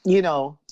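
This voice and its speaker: A man who is a police officer, telling a story in a casual podcast chat in a steady, unhurried way. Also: on the high side, muffled recording.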